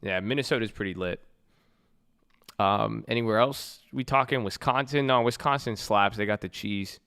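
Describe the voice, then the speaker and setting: A gravelly yet clear, resonant voice, fairly low and a bit bright, belongs to a young SoCal streamer chatting casually with viewers at a moderate pace. Indoors at his computer, he reads their messages in a joking, slangy, profane manner.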